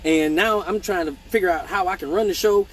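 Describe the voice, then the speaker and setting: High-voiced man telling a raunchy story. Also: brisk. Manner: profane, rambling, joking asides to viewers. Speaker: male exotic dancer hosting a live Q&A show. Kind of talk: casual storytelling on a livestream.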